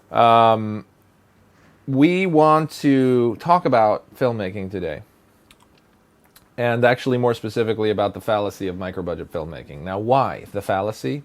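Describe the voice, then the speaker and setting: A man who runs a production company, talking casually to camera in a blunt, conversational way with filler pauses. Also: medium pitch. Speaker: filmmaker and production company founder.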